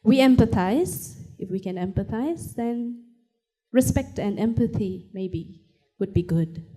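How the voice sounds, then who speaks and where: A woman on a discussion panel speaks in a slow, unhurried voice. Her tone is gentle and mellow as she tells a family story. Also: a little high, expressive. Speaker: panelist, wife and mother.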